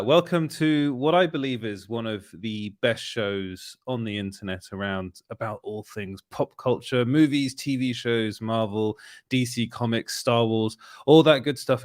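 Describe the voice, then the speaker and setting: A man's voice: mid-range voice, dry recording, clean studio sound. A man hosting a casual live stream, upbeat and chatty, greeting viewers in the chat. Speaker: host.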